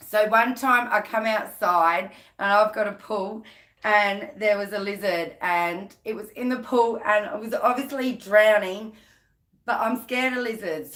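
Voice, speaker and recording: A woman's voice: mid-range voice, a bit bright. Aussie lady chatting on a live stream, laughs a lot, says hi to viewers. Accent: Australian. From Australia. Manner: chatty, laughs often, greets viewers by name. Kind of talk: casual live-stream chat.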